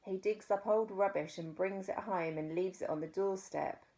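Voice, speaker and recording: A woman with a New Zealand accent reading a children's story aloud, expressive with dramatic pauses. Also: mid-range voice.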